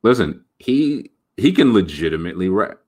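Deep-ish guy rambling on a sports podcast, animated, cracking jokes. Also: moderate pace. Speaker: podcast host. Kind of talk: casual sports talk.

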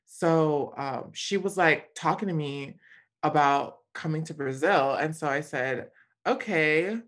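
Animated, slangy woman from California. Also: deep voice, unhurried. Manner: animated, slangy, laughing often. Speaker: guest. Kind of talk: casual storytelling chat.

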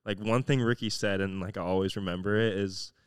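Low-voiced young man, hesitant reflective chat. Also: fairly even intonation, fairly quick, clean tone, dry recording, studio quality. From Florida. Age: young adult. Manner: hesitant, reflective, many "like" fillers. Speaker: podcast co-host. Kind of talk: casual chat.

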